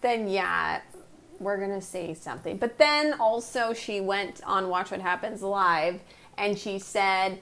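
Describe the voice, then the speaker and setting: A woman's voice: medium pitch, measured pace, fairly bright tone. A woman co-hosting a podcast, chatting casually and reacting eagerly. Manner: agreeable, reactive, gossipy. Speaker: podcast co-host. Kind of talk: casual chat.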